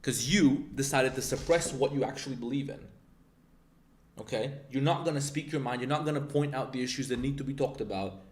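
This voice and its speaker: Profane, confrontational male mentor, mid-pitch voice, roomy echo. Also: fairly quick. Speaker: online mentor pitching a course. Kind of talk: intense motivational rant.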